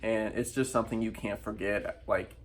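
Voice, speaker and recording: A man's voice: on the low side, steady tone, moderate pace. Young man telling a candid storytime. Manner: candid and emphatic, swears often, acts out quoted lines. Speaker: vlogger. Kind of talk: personal storytime vlog.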